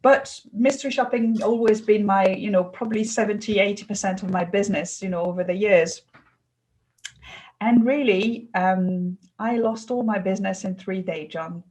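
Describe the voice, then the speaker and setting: A middle-aged woman from France with a French accent, speaking as an interview guest in an earnest, animated way, often laughing between phrases. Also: medium pitch, normal speed, a little hiss or hum, low-quality recording. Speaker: guest, customer experience consultant. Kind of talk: interview conversation.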